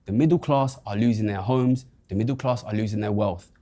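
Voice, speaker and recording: Fast, emphatic man arguing economics. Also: lowish voice, warm tone. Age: 30s. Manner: emphatic, rhetorical. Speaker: economics commentator. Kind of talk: debate argument.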